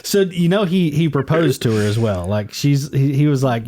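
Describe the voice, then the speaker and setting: A man's voice: medium pitch, expressive, normal speed, dark tone, no echo. Rambling man in a casual chat. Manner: rambling, many fillers and restarts. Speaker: podcast host.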